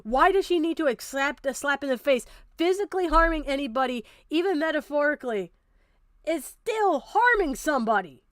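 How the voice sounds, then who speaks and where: A woman's voice: high-pitched, animated, moderate pace, no echo, clean studio sound. A young woman streamer giving angry, profane reaction commentary, ranting hard and breaking into laughter.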